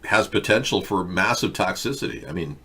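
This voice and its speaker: A man hosting an online political commentary show, wry and rambling, with many halting restarts. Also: low-pitched, lively intonation, bright, forceful tone, slightly rough. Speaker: host.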